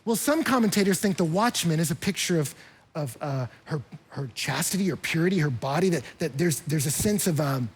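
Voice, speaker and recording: A man's voice: a little high, animated, brisk, breathy edge. A pastor preaching a conversational sermon with humor, acting out quoted voices as he explains scripture. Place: church.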